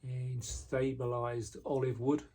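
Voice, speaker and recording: A man casually showing the knives he makes, talking in a relaxed way with frequent ums and restarts, indoors in his workshop. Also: medium pitch, slow pace. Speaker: knife maker. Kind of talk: casual product walkthrough.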